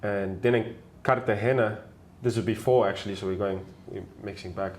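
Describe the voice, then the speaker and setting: A man's voice: on the low side, a little fast, a little hiss or hum. A young South African man, a travel video maker, casually telling stories as an interview guest and acting out the voices of people in them. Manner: animated, acts out voices in his stories. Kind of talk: casual storytelling.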